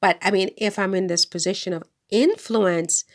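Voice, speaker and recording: A woman giving a rambling, exasperated commentary, full of fillers and restarts, dropping her voice low when telling a story. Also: moderate pace. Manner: drops to a hushed near-whisper when storytelling. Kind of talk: casual commentary monologue.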